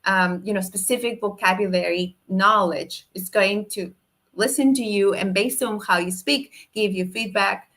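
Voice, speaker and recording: A woman lectures English teachers over a video call. She speaks at a middle pitch, explains step by step, and checks in with little "no?" and "right?" tags. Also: moderate pace, a bit bright. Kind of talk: online lecture. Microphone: video call microphone.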